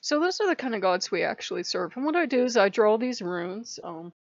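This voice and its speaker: On lo-fi audio, a woman runs her faith channel vlog in a medium-pitched, sing-song voice at a slightly fast pace. Her casual, impassioned talk is emotional, with tears coming and going and apologies each time her voice cracks.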